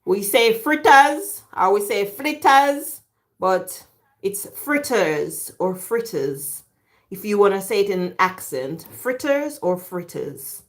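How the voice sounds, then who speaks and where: Slow, teasing woman cooking. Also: medium pitch, fairly bright tone. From London. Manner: teasing banter with viewers. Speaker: cooking vlogger. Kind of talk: chatty live cooking stream. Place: home kitchen. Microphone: camera on a tripod.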